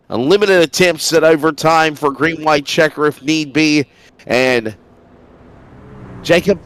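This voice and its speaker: A man's voice: on the high side, dry recording. A man calling a sim race as play-by-play commentator, sounding stuffy while recovering from illness. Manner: energetic, builds to loud race-start calls.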